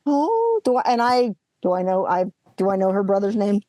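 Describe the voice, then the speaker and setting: A woman's voice: medium pitch, sing-song, normal speed, dark tone. A woman playing a tabletop horror game, describing her character's actions and slipping into reassuring in-character lines. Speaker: player. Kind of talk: casual tabletop role-play.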